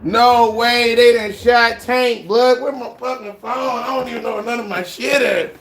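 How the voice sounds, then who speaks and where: A man streaming, reacting with loud, repetitive exclamations in street slang. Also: very high voice, fairly even intonation, moderate pace, vocal fry, crowd noise. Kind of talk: emotional live reaction rant.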